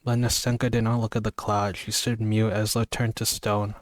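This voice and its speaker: Man reading aloud, low voice, flat monotone, sleepy, stumbles and apologizes. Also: moderate pace, no room sound. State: sleepy, yawning. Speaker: amateur reader. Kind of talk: casual audiobook reading.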